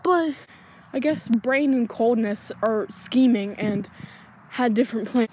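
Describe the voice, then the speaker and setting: Slow and fairly high-pitched with a darkish tone, a woman's voice carries a little hiss or hum. She's vlogging casually on a handheld iPod at night, rambling to herself on a cold backyard swing and getting distracted easily.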